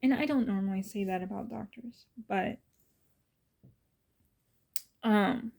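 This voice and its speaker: A woman's voice: medium pitch, slow, gravelly, a little mellow. A woman vlogger telling personal stories in an earnest, emotional way, often dropping to a whisper. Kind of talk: casual personal storytelling.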